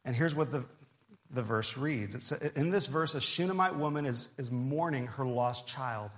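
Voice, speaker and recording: Preacher with a long hall echo. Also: male voice, medium pitch, fairly bright tone. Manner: earnest, measured reading of scripture. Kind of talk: sermon.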